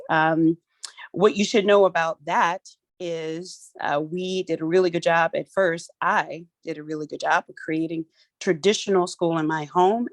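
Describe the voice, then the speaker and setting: A middle-aged woman, hosting an online workshop in a playful, animated, colloquial way, talking into her phone on a video call. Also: low voice, no room sound. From Philadelphia, USA. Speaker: workshop host. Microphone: phone for audio on a video call.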